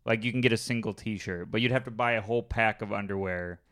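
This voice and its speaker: Bright, smooth-voiced man giving travel tips. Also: fairly low pitch, fast. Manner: offers practical tips, teasing asides. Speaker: podcast co-host. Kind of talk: casual chat.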